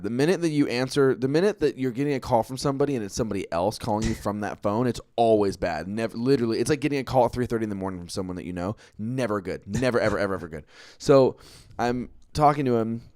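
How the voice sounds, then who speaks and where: A man's voice: lowish voice, fast talker, a little mellow, no echo, clean studio sound. A man hosting a podcast, telling a story in a casual, rambling way, swearing often and laughing at his own jokes. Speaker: podcast host.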